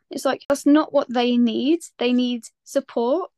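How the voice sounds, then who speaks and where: A woman's voice: fairly high pitch, fairly even intonation, measured pace, hardly any pauses, warm tone, no echo. A teenage girl speaking candidly in a casual podcast chat, full of "like". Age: teens. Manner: candid, earnest, lots of "like". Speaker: podcast guest.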